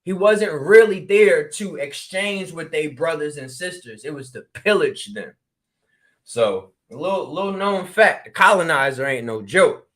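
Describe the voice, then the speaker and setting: A man from Connecticut tells a story in an easygoing, talkative way. He acts out each side of the conversation with sudden exclamations. His voice sits high and sounds bright and forceful. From New Haven, Connecticut. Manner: animated, acts out dialogue with quick exclamations. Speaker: spiritual regression practitioner. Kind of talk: storytelling in casual talk.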